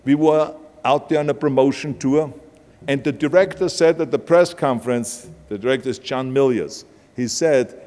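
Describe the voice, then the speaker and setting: A man's voice: medium pitch, moderate pace, a little mellow. Older man with a strong Austrian accent. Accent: Austrian German. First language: German. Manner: emphatic storytelling, punchy lines. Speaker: keynote speaker. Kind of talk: motivational speech with anecdotes. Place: large event hall. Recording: long hall reverb from a live stage.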